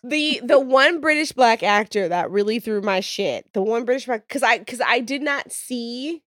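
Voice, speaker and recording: A woman hosting a podcast in casual chat, telling stories in an animated, profane way with lots of laughter. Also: fairly high pitch, normal speed, dry recording, clean studio sound. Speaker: podcast host.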